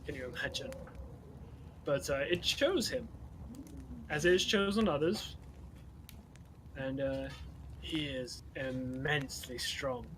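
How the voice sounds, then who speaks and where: A man's voice: mid-range voice, takes it slowly, pauses often, fairly bright tone, slight background noise, rough recording. A man voicing a boastful, hard-drinking female orc brawler with a teasing manner in a tabletop game. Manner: swaggering, teasing.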